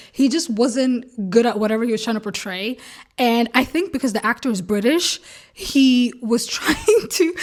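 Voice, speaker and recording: A young woman vlogging in casual chat, ranting animatedly with lots of fillers and laughing asides. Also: on the high side.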